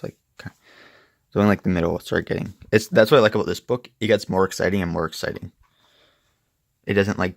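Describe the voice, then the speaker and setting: A young man with a low, gravelly voice rambles through a comic review, swearing freely and tossing in "like" every few words. The sound is close and dry. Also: no echo. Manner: rambling, profane, filler-heavy. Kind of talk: casual review chat.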